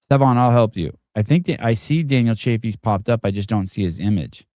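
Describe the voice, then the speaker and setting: A man with a fairly low voice hosts a casual live stream. He rambles, jokes and swears freely. The sound is dry and close to the mic. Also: a little fast, darkish tone, no room sound. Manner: rambling, profane, joking. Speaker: podcast host.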